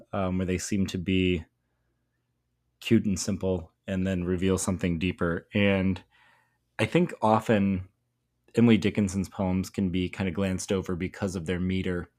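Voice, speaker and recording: A man's voice: low-pitched, darkish tone. A man talking through a poem in a thoughtful, explanatory way, as a teacher giving a lesson. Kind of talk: poetry lesson talk.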